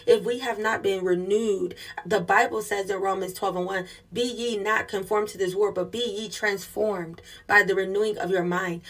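A woman's voice: medium pitch, a bit bright. A woman preaching a sermon with fervor, calling out to her listeners as she builds her points. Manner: fervent call-and-response preaching.

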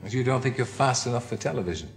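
An Irish man hosts a TV chat show, and his pitch rises and falls a great deal as he talks. He fires off teasing, playful questions and likes to add his own wry asides. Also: lively intonation, very fast. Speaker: talk show host.

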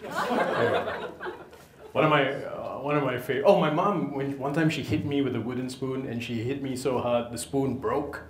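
A man's voice: medium pitch, moderate pace, a little hiss or hum. A man doing stand-up comedy, with cheeky asides to the audience. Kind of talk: stand-up comedy with crowd work. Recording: live crowd in an echoey venue.

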